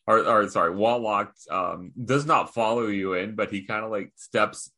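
A man's voice: on the low side, steady tone, normal speed, sharp tone. A man playing a tabletop game, casually describing his character's moves and asking questions. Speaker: player.

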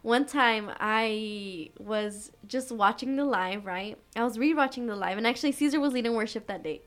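Chatty earnest woman, slightly high. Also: normal speed. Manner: earnest, chatty, many fillers. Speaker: co-host of a faith talk. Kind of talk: casual faith chat.

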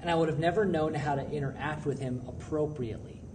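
A man's voice: a little high, fast. A man gives an earnest, chatty youth sermon and drives points home by repeating himself. He sits a little back from the microphone. A faint hum of noise runs underneath. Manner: conversational and earnest, repeats phrases for emphasis. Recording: distant mic with faint background noise.

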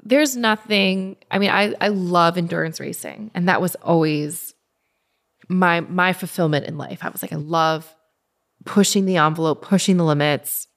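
Animated chatty woman full of "like"s. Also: lowish voice, normal speed. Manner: animated, restarts often, many filler "like"s. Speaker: guest. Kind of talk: casual conversational storytelling.

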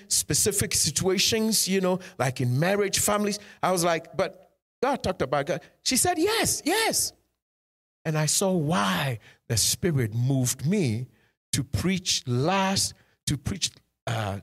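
A man preaching a sermon as pastor, punctuating points with "Amen" and putting direct questions to his congregation. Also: on the high side.

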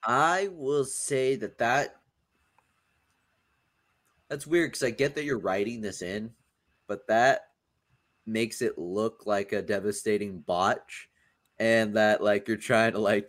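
A man's voice: fairly low pitch, measured pace, pauses often. A man in casual podcast chat, critiquing bluntly and swearing freely. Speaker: podcast co-host.

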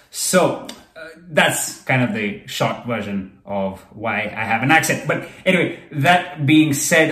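A man's voice: mid-range voice, echoey room. A man in his thirties who grew up in Kuwait, hosting his own podcast in a chatty, self-deprecating way. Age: 30s. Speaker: podcast host. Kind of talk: casual solo podcast talk.

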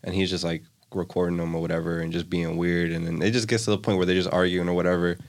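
A young man with a very deep voice tells a story in relaxed everyday chat. He rambles and circles back, leaning on filler words as he goes. The tone stays casual and conversational throughout. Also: fast.

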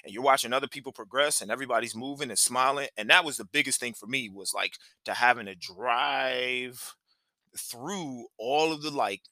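A man's voice: medium pitch, moderate pace, pushed and bright, no room sound. A man hosting a podcast, telling a rambling, earnest personal story with frequent restarts and asides. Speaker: podcast host. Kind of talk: reflective storytelling monologue.

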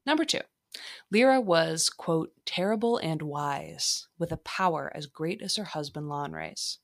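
A young woman with a slightly low voice hosts her own podcast in a loose, chatty way. She jokes at her own expense, leaves her slips in and sounds a little tipsy. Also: sing-song, a little slow. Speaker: podcast host. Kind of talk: casual solo podcast monologue.

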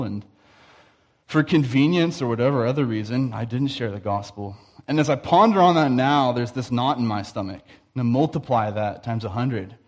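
Man preaching with quiet intensity. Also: mid-range voice. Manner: storytelling, acts out quoted voices, drops to quiet intensity. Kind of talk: sermon.

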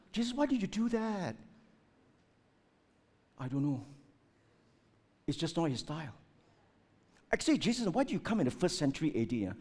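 Brief: a male preacher with a high voice, full of rhetorical questions and dramatic shifts from loud to soft. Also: moderate pace, pauses often, husky. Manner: animated, rhetorical questions, swings between loud and hushed. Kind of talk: sermon.

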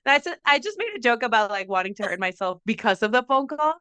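A young woman from Mexico with a faint Mexican accent, chatting on a podcast with a bright, crisp voice. She swears freely and laughs often through her stories, and the recording is dry and close. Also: fairly high pitch, sing-song, quick pace, no echo. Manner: laughing, profane storytelling. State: sick. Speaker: podcast co-host. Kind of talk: casual chat.

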